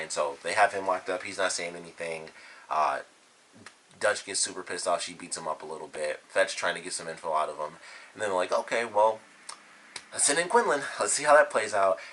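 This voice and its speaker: Low-voiced man rambling through a TV review. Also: bright, forceful tone, a little hiss or hum, poor audio. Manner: rambling, enthusiastic, loose retelling with many fillers. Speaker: TV episode reviewer. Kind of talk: casual spoken review.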